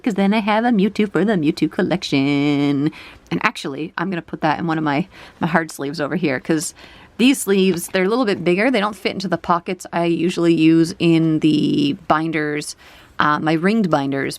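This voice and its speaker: A young woman chatting casually while unboxing trading cards, her voice jumping up into high squeals over the cute art. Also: no echo. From country using kilograms. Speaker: card collector vlogger. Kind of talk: casual card unboxing chat.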